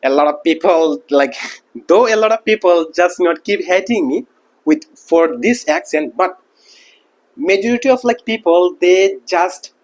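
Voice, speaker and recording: A man's voice: high-pitched, lively intonation, measured pace. Rambling man with a raised voice. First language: not English. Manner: rambling, heavy use of like and you know what. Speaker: English teacher and channel host. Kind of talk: casual talk to camera.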